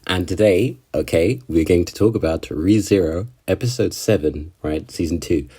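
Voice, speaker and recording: A man's voice: low-pitched, normal speed, mellow, husky. Guy rambling through an anime recap, lots of "right?" and fillers. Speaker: anime video creator. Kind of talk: casual anime episode recap.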